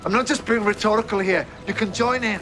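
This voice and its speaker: An actor with a Scottish accent playing a cranky, eccentric alien hero who rambles theatrically in a television drama. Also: male voice, high voice, fast, over music, close to an everyday voice. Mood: grumpy musing. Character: newly changed eccentric male alien hero, middle-aged, cranky. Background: dramatic score.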